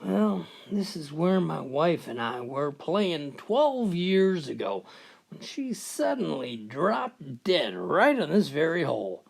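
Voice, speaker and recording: A man's voice: on the high side, very animated, slow, vocal fry, slightly rough, full character voice. A man voicing a grieving older golfer who tells a sad story in a dry, matter-of-fact way. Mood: mournful.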